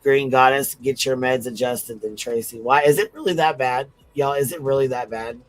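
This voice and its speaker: Male panel guest, mid-pitched, loose and profane, drifting chatter. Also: normal speed, no room sound, faint music behind, rough recording. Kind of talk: casual livestream chat.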